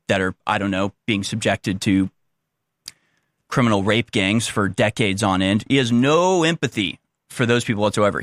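A man's voice: fairly low pitch, a bit bright, dry recording, clean studio sound. A man giving blunt, combative opinion commentary on a clip he is playing, insulting those he disagrees with.

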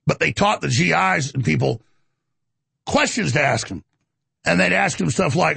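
A man hosting a talk show, ranting in a rambling, animated, indignant monologue. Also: on the high side, moderate pace, creaky, long pauses, husky, no echo.

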